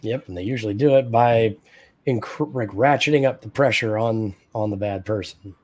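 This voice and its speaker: A man's voice: on the low side, normal speed, darkish tone. A man co-hosting a podcast in casual chat, laid-back and agreeable in manner. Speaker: podcast co-host.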